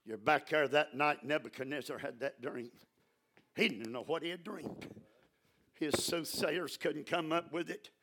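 A man preaching a fervent sermon in a church, often rising into shouts. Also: fairly high pitch.

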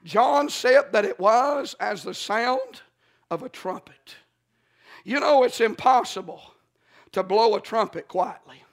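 A man's voice: sits high, takes it slowly. A man preaching a sermon in a rhythmic, emphatic way, often adding "uh" and "amen" between phrases.

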